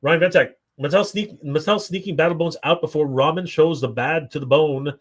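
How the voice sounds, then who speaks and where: The host of a live toy stream, a Canadian man, chats casually and reads viewer comments aloud, staying upbeat and using plenty of fillers. His voice is fairly high-pitched and moves at a moderate pace.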